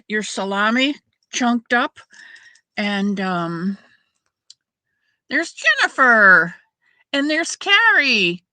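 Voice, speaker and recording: Chatty woman with a bright, dry voice. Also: medium pitch, no echo. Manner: rambling, chatty, greets viewers by name. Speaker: crafting livestream host. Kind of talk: casual chat with live viewers.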